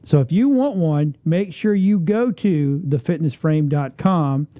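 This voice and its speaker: A man's voice: a little high, measured pace, no room sound, phone-quality sound. Chatty man hosting a business show. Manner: chatty, rambling, repeats himself. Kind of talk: casual interview chat.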